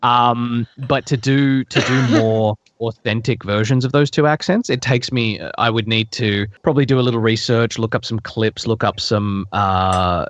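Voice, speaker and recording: A man with a lowish voice, recorded dry and close, thinks out loud as a guest in an interview. He talks casually and circles back, restarting his sentences with plenty of fillers. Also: steady tone, normal speed, few pauses, no room sound. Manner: thoughtful, rambling with frequent restarts and fillers. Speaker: voice actor guest.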